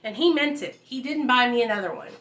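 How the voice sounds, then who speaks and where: A woman's voice: fairly high pitch, animated, fast talker, a bit bright. A woman, casually telling her life story to viewers at home, calling them y'all. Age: 30s. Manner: chatty, addresses viewers as y'all and you guys.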